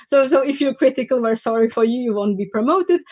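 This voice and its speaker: A woman delivers a conference lecture in a voice pitched a little high. She talks in a halting, critical, wry way, full of fillers and restarts. The sound is dry, with no room echo. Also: a little mellow. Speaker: conference speaker. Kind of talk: academic lecture. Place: online conference talk.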